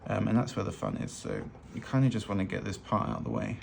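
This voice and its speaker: A man with a lowish, creaky, slightly mellow voice talks fast, his pitch swinging widely. He narrates a casual drawing tutorial on fashion illustration, loose, chatty and self-deprecating as he draws. The clip is shot from a hands-only overhead camera, with slight background noise.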